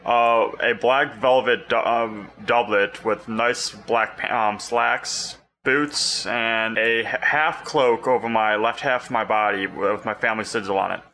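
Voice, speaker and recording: A man describing his character in a tabletop game, casual and quick, with fillers. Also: lowish voice, steady tone, sharp tone. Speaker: player.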